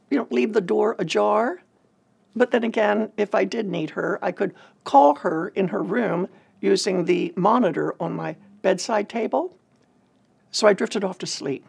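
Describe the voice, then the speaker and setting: Woman with a gravelly, husky voice. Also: medium pitch. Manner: earnest, measured storytelling. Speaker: ministry leader telling a personal story. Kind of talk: personal testimony talk.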